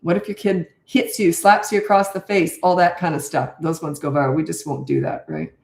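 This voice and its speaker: A woman's voice: lowish voice, animated, brisk, roomy sound. An older woman, a parenting coach, answering viewer questions in a casual live Q&A, blunt and off-the-cuff, thinking aloud as she goes.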